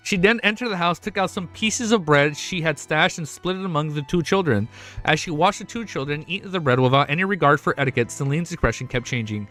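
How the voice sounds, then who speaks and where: A man streaming live, reading a novel aloud and breaking off into excited, swearing reactions. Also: a little high, brisk, soft background music. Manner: excitable, swears often, sudden loud outbursts.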